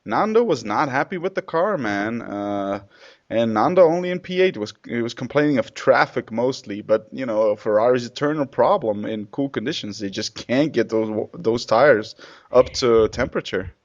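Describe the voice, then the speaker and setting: Guy cohosting a podcast, jokey, laughs a lot, swears, middle pitch, kinda muffled lo-fi audio. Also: expressive, moderate pace. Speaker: podcast co-host. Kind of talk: casual chat. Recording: dull lo-fi sound.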